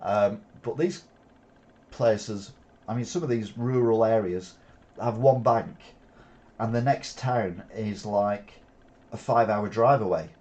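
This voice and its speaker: A man reads news headlines and adds sarcastic, opinionated comments, pausing often with "uh". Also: lowish voice, darkish tone, lo-fi sound. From England. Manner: sarcastic asides, frequent "uh" hesitations.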